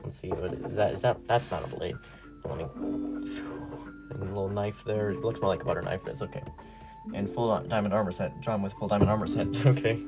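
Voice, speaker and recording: A man's voice: on the low side, fairly even intonation, fairly quick, vocal fry. A young man chatting casually on a livestream while he draws, rambling and laughing at himself. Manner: rambling, giggly, self-deprecating. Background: background music.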